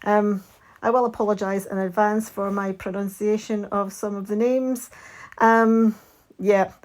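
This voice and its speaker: This is a Scottish woman with a mellow, warm voice, talking casually as she works on a craft. She rambles a little and retells an old myth in an easy, chatty way, full of ums and restarts. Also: mid-range voice, fairly even intonation, measured pace, poor audio. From Scotland. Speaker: crafting channel host. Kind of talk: casual chat and storytelling while crafting.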